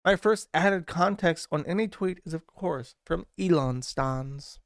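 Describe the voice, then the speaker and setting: A man's voice: on the high side, unhurried, dry recording, clean studio sound. A man voicing a pompous, condescending man who sneers at his critics in a haughty, dismissive manner.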